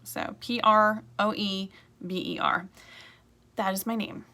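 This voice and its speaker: A woman's voice: medium pitch, slow pace, pushed and bright. A woman real estate agent talking casually to camera, chatty and rambling, with frequent asides.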